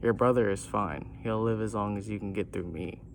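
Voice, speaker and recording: A little villain who gloats in a heavy Southern country drawl, put on by a man reading the story. The voice sits slightly low and carries a faint hiss behind it. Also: normal speed, creaky. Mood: gloating. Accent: American Southern.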